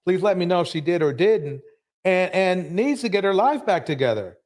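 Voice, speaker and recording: A man's voice: sits high, sing-song, normal speed, a little mellow. A man hosting a live show, commenting emphatically and ranting about what he has just watched. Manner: emphatic, ranting, repeats himself.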